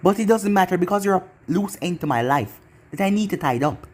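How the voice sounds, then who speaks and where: A fan narrator voicing a brash young male ninja who taunts and swears at his enemy, in an even, middle-pitched voice. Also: fast, husky. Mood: taunting.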